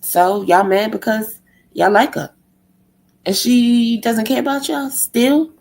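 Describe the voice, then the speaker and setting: A woman's voice: on the high side, fairly even intonation, slow, gravelly, darkish tone. Profane, heated woman ranting on stream. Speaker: live-stream host.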